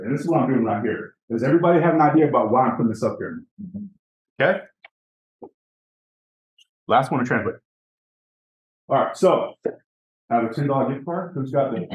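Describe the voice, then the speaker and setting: A man's voice: medium pitch, animated, fairly quick, pauses often, dull audio. A man gives a conference presentation to teachers, chatting easily, telling stories and asking the audience questions. He is heard from a distance in a roomy, echoing space. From Native American, Apache. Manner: conversational, asks the room questions, tells stories. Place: conference session room. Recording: echoey room, mic far off.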